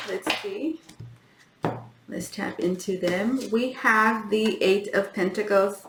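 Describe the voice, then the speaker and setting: A woman giving a tarot reading to her viewers, talking in halting starts and repeats and often addressing them as guys. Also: medium pitch, echoey room, background noise. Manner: halting, repeats herself, keeps saying "guys". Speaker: tarot reader.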